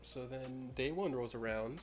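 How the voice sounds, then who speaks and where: A man's voice: medium pitch, measured pace, loud music behind the voice. A young man co-hosting a podcast, telling a story in a rambling, casual way with many fillers. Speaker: podcast co-host. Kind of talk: casual chat among friends.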